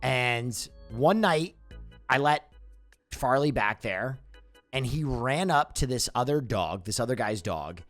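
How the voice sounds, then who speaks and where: Animated young man telling stories. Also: mid-range voice, slow, faint music behind. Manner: animated, profane storytelling. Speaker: streamer co-host. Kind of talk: casual chat.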